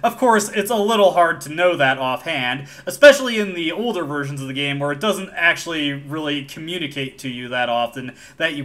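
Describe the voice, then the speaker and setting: A man's voice: fairly high pitch, pushed and bright. An American man hosting a let's play, casually explaining game mechanics with wry asides. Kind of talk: video game commentary.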